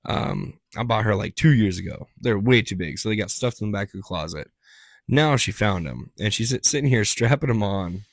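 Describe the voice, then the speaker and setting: A man's voice: fairly low pitch, lively intonation, normal speed, dry recording, studio quality. A man co-hosting a casual podcast, joking around, swearing freely and slipping into silly voices. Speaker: podcast co-host. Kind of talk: casual chat.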